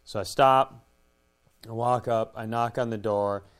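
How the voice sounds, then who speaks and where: Smooth-voiced man telling a rambling story. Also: mid-range voice, steady tone. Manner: rambling, self-deprecating storyteller; quick, offhand delivery with profanity. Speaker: podcast co-host, comedian. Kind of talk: casual podcast chat, storytelling.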